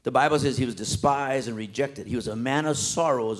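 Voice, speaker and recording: A man preaching a sermon with passion, swinging between loud emphatic peaks and hushed soft passages, in colloquial everyday speech. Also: medium pitch, fairly quick. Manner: colloquial, with repetitions and restarts.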